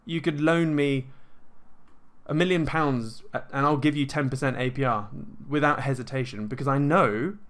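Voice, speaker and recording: A man's voice: mid-range voice, moderate pace. Rambling, self-assured man. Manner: rambling, energetic, self-assured, frequent fillers and restarts. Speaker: host answering viewer questions. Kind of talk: casual monologue.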